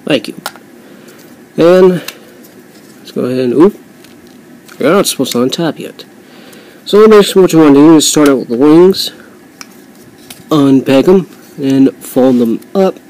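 A man's voice: fairly high pitch, expressive, normal speed, pauses often, mellow, low-quality recording. A man with a slightly raised voice talks through a home toy review in a loose, rambling way, full of fillers and self-corrections. He drifts off the camera mic now and then as he handles the figure, over a faint background hiss. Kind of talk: casual hands-on toy review.

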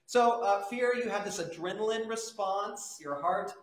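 A man's voice: high voice, a little slow. A man preaching a conversational sermon as pastor, putting questions to the congregation in a church sanctuary. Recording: echoey church room.

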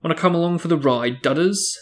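A man's voice: a little high, a little fast, pitched above the performer's own voice, close to an everyday voice. A man doing a snarling, blustering bully of an uncle. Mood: gruff. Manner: snarling, threatening.

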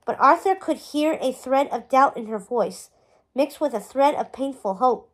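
A woman's voice: high voice, expressive, normal speed. A woman reading a novel aloud as narrator, telling the story expressively.

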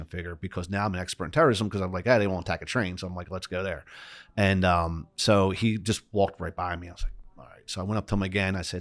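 A middle-aged man with a low voice recounts a personal story as a podcast guest. He slips into the voices of the people he met as he tells it. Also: fast talker. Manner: animated retelling with quoted voices.

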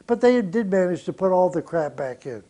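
Older man, high-voiced, bluntly storytelling. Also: normal speed. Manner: animated anecdotal, blunt and profane, with chuckles. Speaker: record producer. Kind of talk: interview storytelling.

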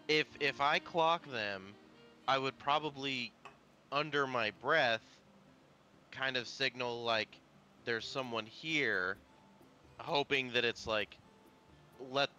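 A man playing a tabletop game, asking careful, deliberate questions. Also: mid-range voice, pushed and bright. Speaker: player.

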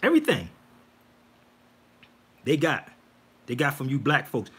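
A man's mid-range voice, a little slow and breathy, carries this livestream. The host is animated and preachy, addressing viewers as "y'all" and calling out to them with casual insistence.

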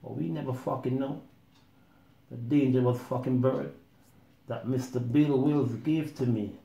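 Man, gravelly, slow, blunt and profane, rambling storytelling, roomy echo. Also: medium pitch, steady tone, warm tone, highs cut off. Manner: profane, blunt, acts out voices. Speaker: musician telling his story.

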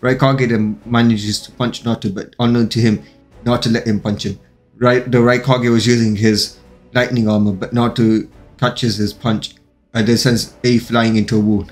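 A man's voice: mid-range voice, level tone, normal speed. A man narrating a fan-fiction story in a plain, run-on reading with occasional slips. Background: faint music.

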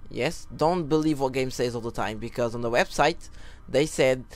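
A young man telling a rambling story while giving casual commentary over a football video game, breaking off for excited goal calls. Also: medium pitch, moderate pace, soft background music. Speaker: gaming YouTuber.

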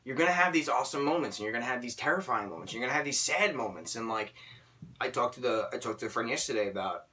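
A man in his late twenties with a bright, forceful voice rambles emotionally through a casual vlog, restarting sentences as he goes. He sits a little back from the mic. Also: medium pitch, lively intonation, quick pace, far from the mic. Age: late 20s. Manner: emotional, rambling, self-correcting. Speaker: vlogger.

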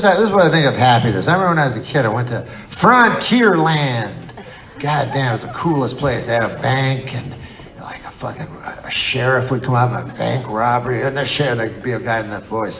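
A man's voice: medium pitch, lively intonation, a little fast, fairly bright tone. A middle-aged man doing live stand-up on stage, telling a rambling, meandering story full of curses. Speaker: stand-up comedian. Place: live comedy show venue. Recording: live show with audience laughter. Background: audience laughter.

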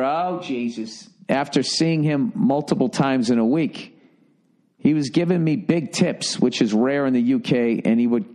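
A man's voice: medium pitch, darkish tone. A man hosting a comedy podcast, reading listener letters aloud and breaking in with profane, sarcastic remarks.

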